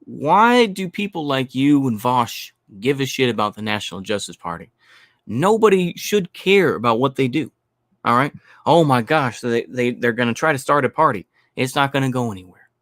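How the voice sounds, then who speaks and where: A man's voice: medium pitch, sing-song, normal speed, a bit bright, no echo, studio quality. A man hosting a stream, ranting bluntly and profanely in commentary, repeating his points. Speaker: stream host.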